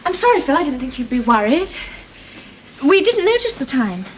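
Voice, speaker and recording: A woman's voice: high voice, big pitch swings, normal speed, slight background noise. A hesitant, tearful young woman. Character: young woman, upset and confused.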